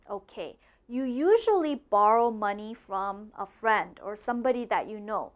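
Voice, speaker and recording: A woman teaching English in a slow, patient way. She repeats each phrase and keeps checking in with "okay?". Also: mid-range voice, animated. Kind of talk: slow classroom explanation. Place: classroom with a board.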